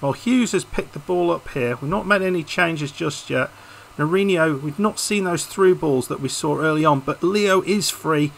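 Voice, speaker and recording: Man, gravelly voice, casual game commentary, frustrated, hesitant, faint hiss. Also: fairly high pitch, moderate pace, fairly bright tone, poor audio. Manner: frustrated, hesitant, restarts his sentences. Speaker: YouTube gaming host. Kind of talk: casual commentary over a football management game.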